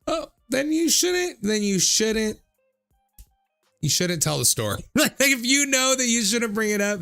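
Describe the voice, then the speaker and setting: A man's voice: fairly high pitch, creaky, pushed and bright. A man in his thirties, a streamer reading out viewer comments in a casual, jokey way, swearing freely and often laughing.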